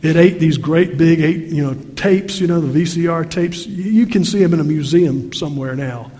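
A man's voice: on the high side, normal speed, dark tone. An older man preaching a sermon, telling homely stories with a folksy, self-deprecating humor. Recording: long reverb of a large hall.

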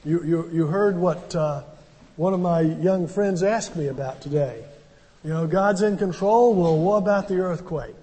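A man's voice: fairly high pitch, measured pace, mellow, in a large hall. An older man, a pastor, preaching a sermon and telling stories with conversational asides. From southern United States. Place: church sanctuary.

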